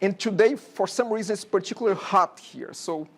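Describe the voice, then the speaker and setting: Brazilian-accented male instructor, high voice. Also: a little fast. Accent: Brazilian Portuguese. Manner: chatty, digressive, frequent "okay?" checks. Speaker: college instructor. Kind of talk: classroom lecture. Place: classroom.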